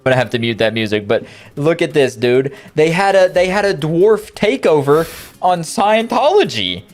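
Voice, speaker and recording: A man with a lively, animated voice jokes his way through commentary on a video clip. His voice is slightly high, and faint music plays behind him. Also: normal speed. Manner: animated and jokey. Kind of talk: excited joking commentary.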